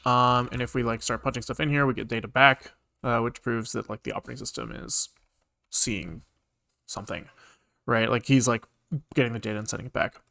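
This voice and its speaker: A man's voice: medium pitch, fairly even intonation, a little fast, gravelly, pushed and bright. A man casually explaining his programming work on a live stream, talking loosely and thinking aloud with lots of filler words.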